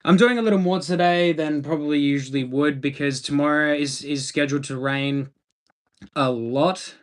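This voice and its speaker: A man's voice: fairly high pitch, moderate pace. An Australian man chatting casually on a livestream, laid-back and rambling as he answers viewer comments.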